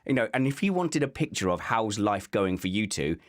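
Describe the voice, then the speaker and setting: A man's voice: fairly low pitch, sing-song, a little fast. Jokey man hosting a podcast. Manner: rambling, jokey storytelling. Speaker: podcast host. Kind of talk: casual chat.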